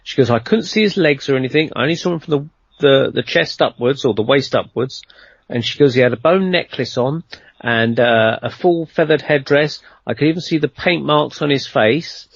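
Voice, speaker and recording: A man's voice: mid-range voice, normal speed, vocal fry, slightly rough, no room sound, dull audio. A man telling a long anecdote in a casual interview, rambling and conversational, with lots of fillers and restarts. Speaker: guest storyteller.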